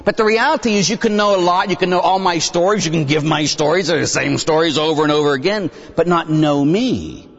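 A middle-aged man, a Catholic priest, preaching a lively sermon and acting out dialogue with young people in different voices. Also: brisk, hardly any pauses. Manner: animated, acts out dialogue with kids, bursts into high excited voices. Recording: dull sound with long hall reverb.

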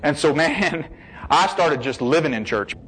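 A man giving an emotional personal testimony, shifting between hushed, slow passages and excited bursts. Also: on the high side, slightly rough, rough recording.

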